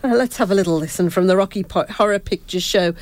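A woman's voice: medium pitch, fast talker, darkish tone, no room sound. A woman hosting a radio talk show, chatting in a rambling way and laughing often. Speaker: radio host. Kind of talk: casual chat.

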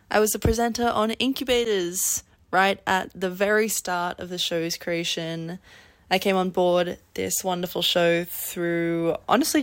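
A young woman, a former radio presenter, sounding nasal from a cold and speaking in a grateful, slightly halting way. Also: fairly low pitch, no echo. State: sick, nasal voice. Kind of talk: recorded congratulatory message.

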